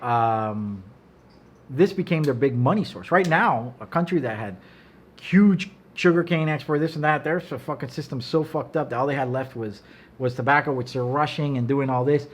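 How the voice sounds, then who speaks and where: A man's voice: medium pitch, normal speed. A middle-aged man, a cigar maker, talking in a casual chat as a guest, blunt and profane, telling stories with animation. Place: office.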